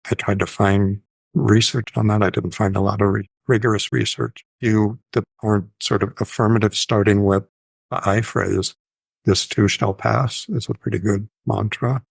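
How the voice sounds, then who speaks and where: Man, gravelly voice, fairly low, measured and thoughtful, psychiatrist explaining things, dry close sound. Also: flat delivery, no echo. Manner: thoughtful, measured, with self-corrections; sometimes intones phrases in a sing-song rhythm. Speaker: psychiatrist host. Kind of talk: informal educational talk.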